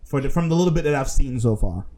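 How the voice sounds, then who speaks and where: A man's voice: mid-range voice, lively intonation, quick pace, warm tone. A man co-hosting a casual podcast, rambling and hesitant with lots of fillers and laughter. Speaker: podcast co-host.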